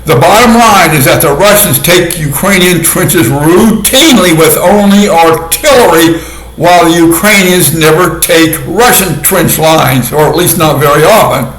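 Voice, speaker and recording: A man talks through a casual commentary with a sardonic edge and keeps breaking into laughter at his own dark jokes. His voice sits fairly high, and the sound rings around an echoey room. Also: unhurried, slight background noise. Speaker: video commentator.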